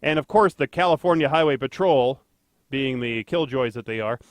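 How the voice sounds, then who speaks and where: A man's voice: medium pitch, moderate pace, dry recording. A man co-hosting a casual podcast, rambling and joking with lots of fillers and self-deprecating asides. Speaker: podcast co-host, traffic anchor.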